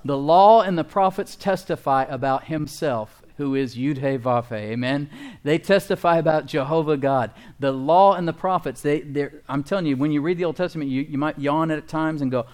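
A man's voice: on the high side, fairly quick, darkish tone. A male pastor preaching a sermon in an emphatic way, often calling out to his congregation for an amen.

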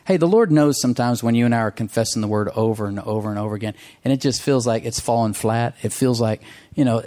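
A man's voice: medium pitch, quick pace, few pauses, dark tone. Emphatic male preacher calling for amens. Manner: emphatic, calls for amens, repeats phrases. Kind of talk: sermon.

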